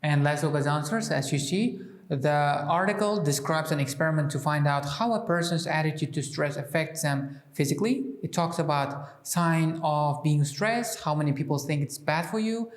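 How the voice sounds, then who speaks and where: A man walks through a textbook lesson as a teacher, pausing often with fillers and restarts. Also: a little high, reverberant. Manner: hesitant, many restarts and fillers. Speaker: English teacher.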